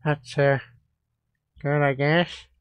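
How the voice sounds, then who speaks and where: A man's voice: a little high, little pitch movement, slow pace, clean tone, no room sound. A man doing an impression of a middle-aged cartoon dad, commentating a horror game in a hesitant way. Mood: nervous. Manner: hesitant, many uhs, yelps in panic. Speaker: gameplay commentator. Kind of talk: Let's Play commentary in an impression voice. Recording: music playing behind.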